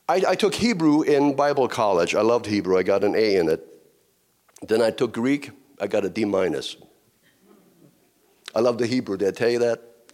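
A middle-aged male pastor preaching a sermon in a conversational way, with asides, restarts and repeated phrases. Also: mid-range voice.

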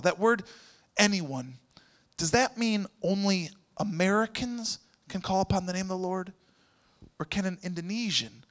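Man, missionary pastor, sermon story, bright and forceful, loud preaching, hushed near-whispers. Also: sits high, lively intonation, moderate pace, gravelly.

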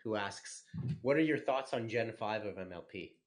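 A man's voice: lowish voice, normal speed. A man hosting a casual podcast, reading out listener questions and joking crudely between laughs. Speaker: podcast host.

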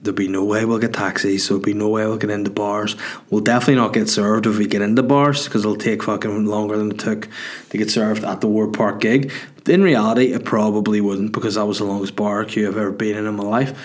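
A man's voice: fairly low pitch, steady tone, quick pace. A man, a comedian telling a story in a chatty, self-mocking way, swearing freely. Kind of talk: casual storytelling monologue.

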